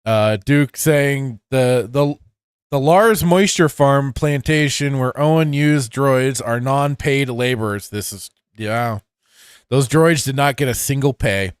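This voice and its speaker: Reading out chat messages on his laid-back podcast, a man rambles, laughs a lot, and keeps restarting his sentences amid plenty of fillers. He talks slowly in a clear, resonant, medium-pitched voice, captured dry with studio quality.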